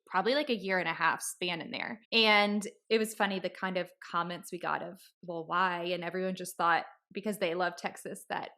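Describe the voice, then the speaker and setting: A woman's voice: lowish voice, fairly even intonation, brisk, hardly any pauses, sharp tone. Chatty woman telling a story. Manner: chatty storytelling, acts out quoted dialogue. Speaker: podcast host. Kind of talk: casual podcast chat.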